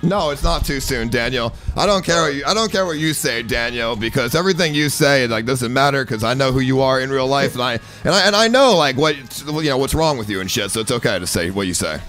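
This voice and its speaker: A young man streaming a racing game, trash-talking and swearing at his friends, often yelling when things go wrong. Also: mid-range voice, fast talker, few pauses, faint music behind. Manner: yells when the race goes badly. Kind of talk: gaming stream chat.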